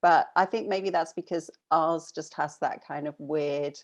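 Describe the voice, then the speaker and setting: A low-pitched British woman, middle-aged, talking casually and thoughtfully as a guest. She muses aloud and laughs easily. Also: fairly even intonation, unhurried. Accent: British English. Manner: chatty, thoughtful, laughs often. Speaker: novelist guest. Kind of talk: casual interview chat.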